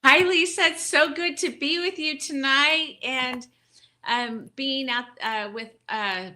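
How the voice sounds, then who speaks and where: A woman with a bright, ringing voice tells a heartfelt personal story as a podcast guest. She sounds emotional and grateful, often restarting her sentences. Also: sits high, takes it slowly. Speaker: podcast guest, ministry director.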